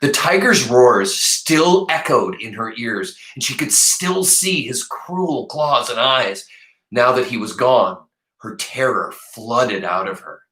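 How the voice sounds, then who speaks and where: A man's voice: mid-range voice, expressive, slow, bright, forceful tone, roomy sound, low-quality recording. A man, a teacher, reading a novel aloud to his class and stopping often to talk with the students.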